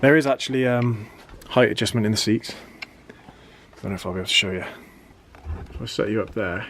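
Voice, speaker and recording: A man's voice: fairly low pitch, a little fast, fairly bright tone. A British man giving casual commentary while fitting out a van, swearing freely and making dry, self-mocking asides. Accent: British English. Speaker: van conversion vlogger. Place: workshop, under and inside a van. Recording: noisy workshop recording with clicks.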